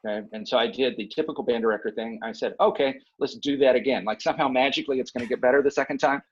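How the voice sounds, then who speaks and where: Man, husky voice, earnest and emphatic, asks "okay?" a lot, muffled lo-fi sound. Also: medium pitch, steady tone, very fast. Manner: earnest, emphatic, often checks in with "okay?" and "right?". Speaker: guest, university director of bands. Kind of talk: conversational advice.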